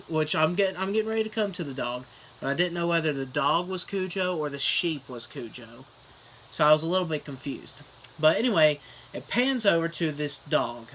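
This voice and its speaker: A man's voice: fairly high pitch, slight background noise. A young man doing a comedic fake book review, rambling through an absurd plot with lots of fillers. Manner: rambling deadpan storytelling with fillers.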